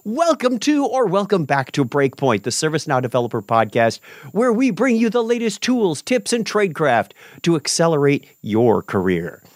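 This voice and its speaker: Upbeat, lively male podcast host. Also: on the high side, moderate pace, no echo, clean studio sound. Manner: upbeat, animated, self-correcting. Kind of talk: podcast hosting, scripted intro then casual chat.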